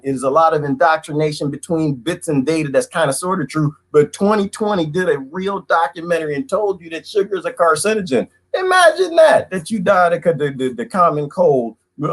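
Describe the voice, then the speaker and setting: A man hosts a loose livestream, talking fast and jumping from topic to topic. His voice sits a little high for a man and swings widely in pitch, with frequent laughs and greetings to viewers. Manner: animated, jumps between topics, laughs often, greets viewers. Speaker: livestream host. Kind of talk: casual livestream rant.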